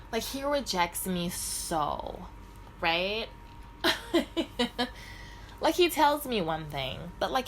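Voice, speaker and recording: A woman's voice: mid-range voice, low-quality recording. Middle aged woman rambling and swearing a lot, voice jumps all over, bit of room hum. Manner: profane, rambling, animated. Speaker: vlogger. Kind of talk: casual storytime monologue.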